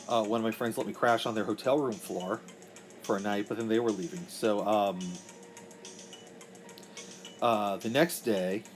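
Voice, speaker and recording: A man from Massachusetts, a comic artist telling rambling stories while he inks a drawing. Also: on the low side. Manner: rambling storyteller. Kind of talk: casual chat while inking.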